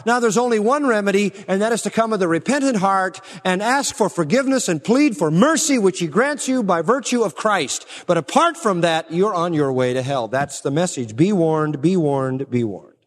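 A man preaching a sermon emphatically, pressing some words hard and dropping low and slow on others. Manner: emphatic, swings between raised stresses and low, slow drops. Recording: long reverb of a large hall.

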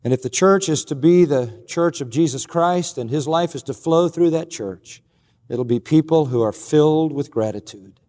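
Man, pastor, sermon, earnest and emphatic, slightly high voice, long hall reverb. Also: mellow. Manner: earnest preaching, slow emphatic lists.

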